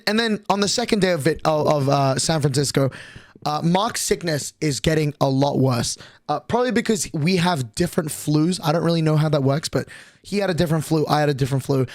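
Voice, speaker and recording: A young man chats to his stream audience in a loose, rambling way, tripping over his words and swearing freely. His voice sits a little high for a man, and the sound is dry and close with no room echo. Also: fairly quick. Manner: rambling, profane, many restarts and fillers. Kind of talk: casual stream chat, storytelling.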